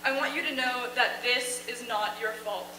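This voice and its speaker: A woman's voice: on the high side, moderate pace, sharp tone, roomy sound, recorded from a distance, a little hiss or hum, rough recording. A woman reading a pleading grieving father. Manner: pleading, voice breaking. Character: grieving gentle middle-aged father.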